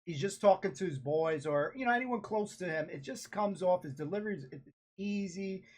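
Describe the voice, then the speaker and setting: A man hosting a casual reaction video, bursting into loud excited exclamations. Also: high-pitched, fairly quick.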